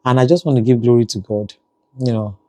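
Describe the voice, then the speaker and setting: A man's voice: medium pitch, steady tone, a little fast, warm tone, dry recording. A man with a Nigerian accent, talking casually in a family vlog and often saying "you know". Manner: conversational, frequent "you know" fillers. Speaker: family vlogger.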